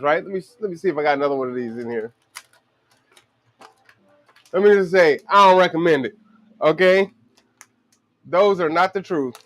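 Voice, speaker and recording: A man chats casually as he cooks in his home kitchen, his voice sitting a little on the high side. He tells stories in a relaxed, slangy way and talks straight to his viewers. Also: muffled recording. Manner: relaxed, chatty storytelling with slang. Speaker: home cooking show host. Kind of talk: casual cooking vlog with stories.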